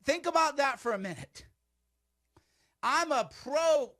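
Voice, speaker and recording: A man's voice: extremely high pitch, animated, measured pace, pauses often, pushed and bright. A man giving casual, sarcastic commentary on a video clip, rambling and laughing often.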